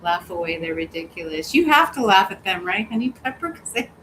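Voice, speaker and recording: A woman's voice: lowish voice, sing-song, brisk, a bit bright, slight background noise, low-quality recording. A woman hosting a casual livestream, reading viewer comments aloud, laughing often and cussing freely. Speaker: livestream host. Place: home, hot weather.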